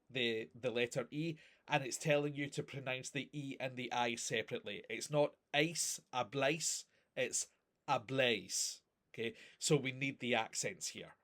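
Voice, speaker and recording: A man's voice: medium pitch, pushed and bright. A man, a Spanish teacher patiently reviewing grammar step by step and checking in with "okay?". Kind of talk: recorded class review.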